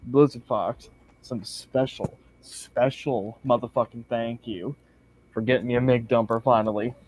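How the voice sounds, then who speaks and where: A man co-hosting a casual gaming podcast, swearing freely and leaning hard on his words. His voice sits at a middle pitch. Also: steady tone, a little slow, a little mellow, slightly rough, rough recording. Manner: blunt, emphatic and heavily profane. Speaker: podcast co-host.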